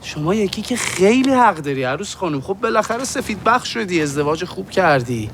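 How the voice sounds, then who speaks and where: Angry sarcastic man ranting at a bride, high-pitched and super fast, mocking tone. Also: big pitch swings, noisy background. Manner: mocking, rapid-fire ranting.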